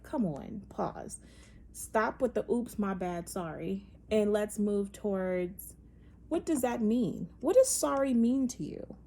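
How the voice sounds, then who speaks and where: A woman's voice: mid-range voice, mellow. A woman hosting a casual opinion monologue, talking emphatically and animatedly, with many fillers and restarts. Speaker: podcast host.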